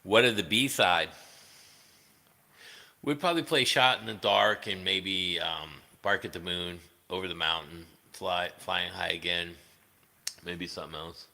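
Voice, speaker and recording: A man's voice: deep voice, a little slow, creaky, bright, forceful tone, long reverb tail. A man chatting casually on a livestream, rambling and swearing, with many fillers. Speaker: livestreaming guitarist.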